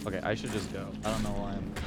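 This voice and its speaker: A man's voice: on the low side, flat delivery, rapid-fire, heavy background noise. A man streaming a video game live, talking to chat in a frustrated, self-deprecating way and swearing often. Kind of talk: live gaming commentary.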